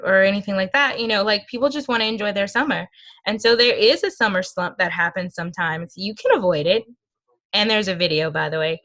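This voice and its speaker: A woman's voice: mid-range voice, fairly bright tone. A young woman giving an earnest, emotional motivational talk to her sales team over a video call. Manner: earnest and emotional, speaks from personal experience. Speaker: team leader speaking to a sales team. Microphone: video call microphone.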